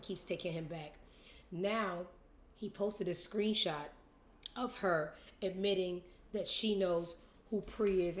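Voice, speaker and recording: A woman hosting a casual gossip show, animated and profane, who mocks people with put-on voices. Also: on the low side, echoey room, slight background noise. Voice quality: animated, profane, acts out quotes in mocking voices. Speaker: host.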